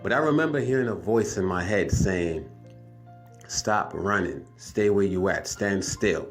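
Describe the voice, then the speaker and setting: Deep-voiced man rambling through a story. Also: a little slow, soft background music. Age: adult, has wife and kids. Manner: rambling, repeats himself, addresses viewers as family. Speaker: vlogger telling a dream. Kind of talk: casual storytelling.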